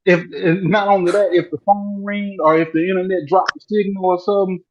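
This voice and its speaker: A man's voice: high voice, fairly quick, slight background noise. A man casually telling a profane workplace story on a live online audio chat, laughing as he talks. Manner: relaxed, profane, laughs while talking. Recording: dull lo-fi phone audio.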